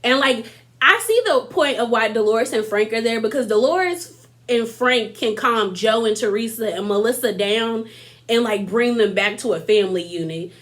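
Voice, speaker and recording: A woman's voice: fairly high pitch, animated, moderate pace, fairly bright tone. A young woman in her twenties giving a chatty, slangy recap of a reality show, talking straight to viewers and mocking cast members' lines in put-on voices. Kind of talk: casual episode recap commentary.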